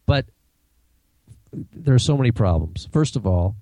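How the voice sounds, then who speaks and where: A man's voice: mid-range voice, very animated, a little slow, mellow, no room sound. A man co-hosting a casual religious discussion, giving brief replies and explaining terms. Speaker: co-host.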